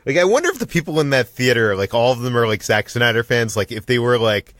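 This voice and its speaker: A man hosting a casual podcast, talking in a relaxed, conversational way with plenty of fillers. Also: mid-range voice, fast talker, no room sound. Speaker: podcast host.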